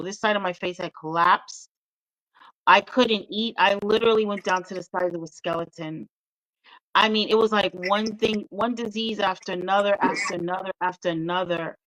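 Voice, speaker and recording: A woman, a guest author telling her own story in a candid interview, lively and full of quoted voices. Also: on the low side, poor audio. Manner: animated, mimics voices in quotes.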